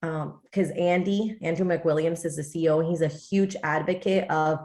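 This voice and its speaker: Woman, from Texas, interview guest, wellness coach, chatty storytelling, lower voice. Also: steady tone, normal speed, mellow. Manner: chatty storytelling, quotes her own thoughts. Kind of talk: casual interview chat.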